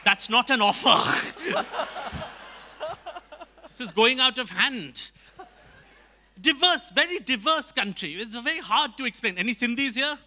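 A man from Calcutta, doing stand-up comedy on an auditorium stage and teasing the audience with quick jabs. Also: extremely high pitch, expressive, bright, forceful tone. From Calcutta, India. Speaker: stand-up comedian at an awards ceremony.

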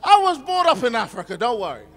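A male pastor preaching an emphatic sermon, swinging between loud declarations and quiet asides. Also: extremely high pitch, big pitch swings, quick pace, soft background music. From England. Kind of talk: conference sermon.

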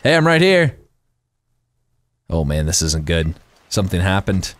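A man giving casual, rambling let's-play commentary while gaming, excitable and quick to laugh. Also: low-pitched. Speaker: gaming YouTuber.

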